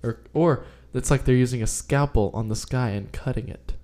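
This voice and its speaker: Male podcast co-host, mellow tone, loose joking delivery. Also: mid-range voice, moderate pace. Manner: rambling, joking explanations. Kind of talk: casual podcast chat.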